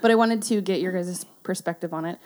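A woman's voice: lowish voice, fast, a little mellow. A woman in her twenties hosting a podcast in casual chat, laughing often. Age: 20s. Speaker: podcast host.

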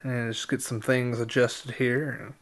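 A man co-hosting a casual history podcast, chatting easily and then reading history segments in an even, informative way. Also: mid-range voice, slow pace, crowd noise. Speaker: podcast co-host.

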